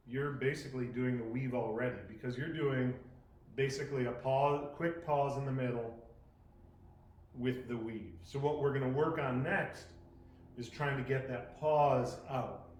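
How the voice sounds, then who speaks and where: A man's voice: medium pitch, a little hiss or hum. Man teaching a spinning class, roomy echo. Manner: thinks aloud, corrects himself mid-demonstration. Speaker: poi instructor. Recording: roomy echoing sound.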